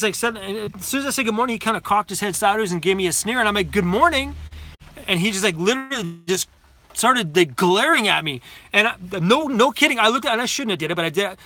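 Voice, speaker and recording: A middle-aged man with a high, bright voice chats on a live stream from his phone. He tells stories in a loose, rambling way, laughing often and swearing now and then. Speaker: vlogger hosting a live Q&A. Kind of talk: casual live-stream chat. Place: inside a van. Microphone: phone camera.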